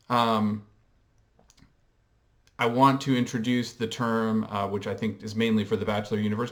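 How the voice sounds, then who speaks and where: A man's voice: medium pitch, pushed and bright. Hesitant man musing on camera. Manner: reflective, hesitant, frequent ums; explains and coins terms in a measured way. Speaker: pop culture vlogger. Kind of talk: casual commentary.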